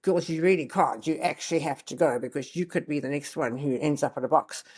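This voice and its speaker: A woman's voice: deep voice, fairly quick, a little mellow, husky. A South African woman hosts an interview. She draws her guest out with long, encouraging questions. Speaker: host.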